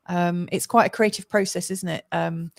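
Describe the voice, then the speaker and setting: A woman's voice: on the low side, steady tone, moderate pace. A woman co-hosting a casual online show, chatty, reading out viewer comments, and losing her voice. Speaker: co-host. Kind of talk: casual livestream chat.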